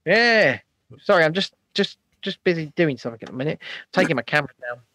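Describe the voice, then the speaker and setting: Joking man with a high voice. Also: expressive, fast talker, pushed and bright, dry recording. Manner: joking, laid-back, chuckles often. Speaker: co-host of a live chat show. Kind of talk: casual banter, live stream.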